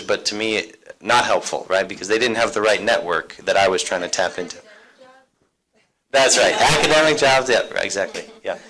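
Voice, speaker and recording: A man's voice: on the low side, bright, forceful tone, poor audio. A man speaking on an alumni career panel at a university seminar, talking casually with fillers and restarts. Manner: conversational, many fillers and restarts.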